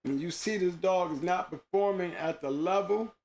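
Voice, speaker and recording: Man, host, casual monologue, emphatic, slangy, rough gravelly voice. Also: high-pitched, normal speed, darkish tone. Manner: emphatic, slangy, repeats himself.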